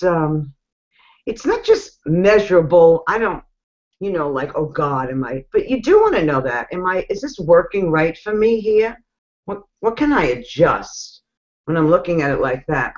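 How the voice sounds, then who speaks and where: A woman with a New York accent giving casual coaching advice, chatty and animated, laughing often. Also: deep voice. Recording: dull lo-fi sound.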